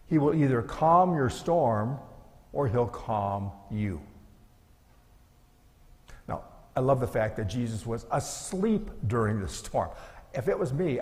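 A man's voice: medium pitch, a little mellow, in a large hall. A middle-aged male pastor preaching a sermon in an earnest, conversational way, asking his listeners rhetorical questions.

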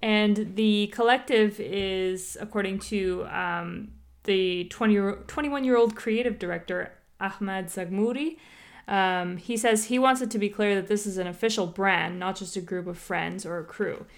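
A woman's voice: mid-range voice, measured pace. A woman hosting a podcast, chatting casually and explaining a topic with lots of fillers and asides. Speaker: podcast host.

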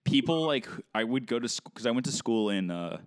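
A man's voice: medium pitch, animated, a little fast, a little hiss or hum. A man from Southern California chatting casually as co-host, rambling with lots of "like" and beach slang. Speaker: podcast co-host. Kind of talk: casual chat.

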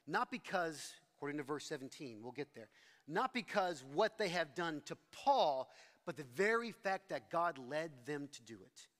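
A middle-aged pastor speaks at normal speed in an expressive, slightly high, somewhat bright voice, followed by a long reverb tail. Preaching a sermon, he recounts a personal story in a conversational, self-deprecating manner, often restarting his sentences.

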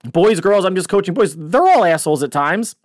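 A middle-aged man hosting a podcast, telling a blunt, animated story in a casual monologue. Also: sits high, a little fast, no echo, studio quality. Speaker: podcast host.

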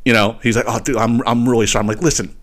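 A man hosting a podcast, telling a story as a casual comic rant, swearing often and keeping his listeners in with quick asides. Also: medium pitch. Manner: profane, animated, keeps asking "right?". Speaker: podcast host.

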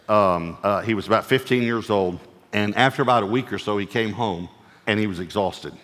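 A male pastor preaching a sermon in an animated way, acting out quoted lines in playful voices and often laughing as he talks. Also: on the low side, in a large hall.

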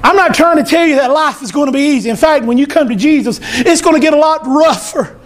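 A male pastor preaching an impassioned church sermon, shifting from storytelling into shouted proclamation in a colloquial manner. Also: very high-pitched, quick pace. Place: church service.

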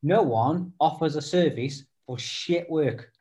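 A man hosting a construction podcast, chatting in a relaxed, agreeable way with casual swearing. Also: a little high, slow. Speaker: podcast host. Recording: slightly dull lo-fi recording.

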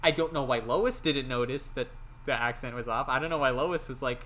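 Young man, podcast co-host, bright tone, casual movie chat, animated, mock quotes. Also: mid-range voice, brisk, a little hiss or hum. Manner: chatty, animated, shares trivia with mock quotes.

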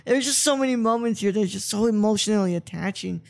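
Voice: medium pitch, fast talker, creaky, darkish tone. Earnest podcast host, fumbling for words. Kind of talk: casual film discussion.

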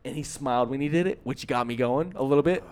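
A young man hosts a podcast, telling a story in a loose, animated ramble. He sounds exasperated, packs in fillers and restarts, and talks at an everyday middle pitch. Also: quick pace, smooth. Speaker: podcast co-host. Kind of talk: casual storytelling.

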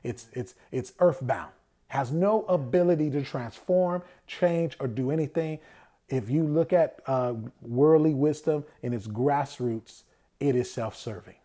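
A man's voice: medium pitch, unhurried, mellow. A man giving a conversational sermon. He often asks rhetorical questions and answers them himself, and he acts out the voices of people he quotes.

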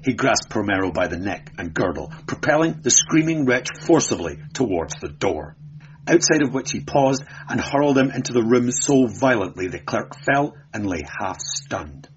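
A man narrating an adventure audiobook in a measured, dramatic storytelling manner. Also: lowish voice, very animated, dull audio, a little hiss or hum. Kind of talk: audiobook reading.

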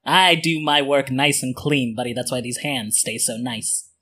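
A man's voice: mid-range voice, moderate pace, sharp tone, breathy edge. A man doing a brash, swaggering businessman. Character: brash adult male businessman, boastful.

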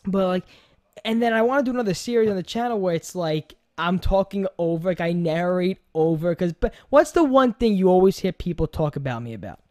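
A young man with a thick New York accent hosts a laid-back podcast. He rambles in an animated way, repeats himself and restarts, and swears casually as he talks. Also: sits high, fairly quick. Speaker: podcast host.

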